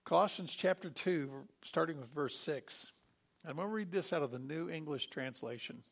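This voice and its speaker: A middle-aged man preaching a sermon, lively and animated, acting out quoted voices with sudden loud bursts. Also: a little high, normal speed, vocal fry. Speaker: pastor.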